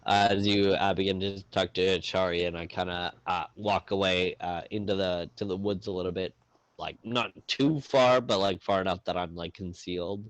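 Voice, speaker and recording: A man's voice: low voice, fairly even intonation, moderate pace, dry recording. A man playing a tabletop game, describing his character's actions casually with many fillers. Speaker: player.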